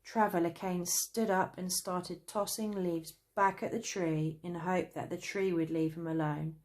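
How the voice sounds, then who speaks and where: A woman with a British accent narrating a children's story, gentle and even. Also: fairly low pitch. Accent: British English. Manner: slow, gentle, lively voices.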